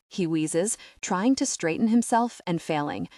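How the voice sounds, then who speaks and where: A woman reading a first-person audiobook in a tense, urgent way that rises at the shouted lines. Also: lowish voice, expressive, a little slow, no room sound. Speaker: audiobook narrator.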